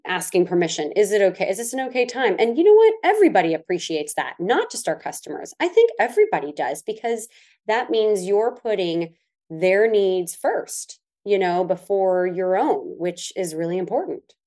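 A woman's voice: fairly low pitch, moderate pace. A middle-aged woman co-hosting a casual chat, telling stories with lots of laughter and playful mimicry. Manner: animated storytelling, laughs often, mimics others. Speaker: co-host.

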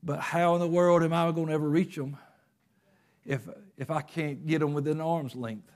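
A man preaching a sermon in a conversational way, acting out little quotes and often pausing with fillers. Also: on the high side, steady tone, darkish tone. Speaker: pastor.

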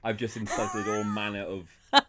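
A man's voice: on the low side, level tone, moderate pace, noisy background. A man co-hosting a podcast, chatting playfully and swearing casually. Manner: playful, swears casually, hams up foreign phrases. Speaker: podcast co-host.

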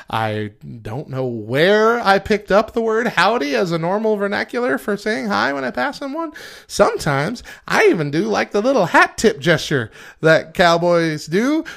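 A man's voice: a little high, vocal fry, a bit bright. A man co-hosting a podcast in casual chat, playful and self-mocking, laughing often. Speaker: podcast co-host.

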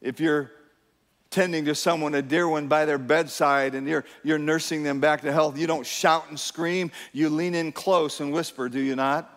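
High-voiced preacher in an echoing hall. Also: male voice, fairly even intonation, moderate pace. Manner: swings from hushed to loud and emphatic, engages the congregation. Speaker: pastor. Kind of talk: sermon. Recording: long hall reverb.

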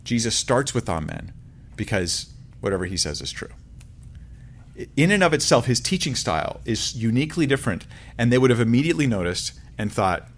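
A man teaching the Bible verse by verse in a lively, conversational way, with frequent fillers and restarts. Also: medium pitch, fairly quick.

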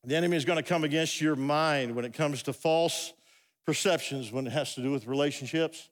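A man's voice: fairly high pitch, a little fast. A middle-aged man preaching a sermon, telling a comic story with asides and stumbling restarts. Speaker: pastor. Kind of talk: humorous sermon. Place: large church hall. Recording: long hall reverb.

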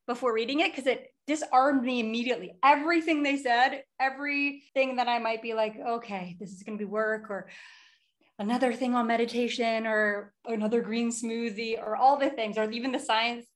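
A chatty woman with a fairly high voice co-hosts a book-club podcast. She tells stories in a casual, animated way. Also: moderate pace. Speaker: podcast co-host.

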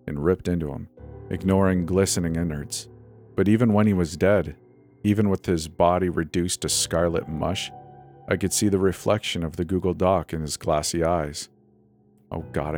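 Deep male horror narrator, measured and dramatic, soft music bed. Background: faint music.

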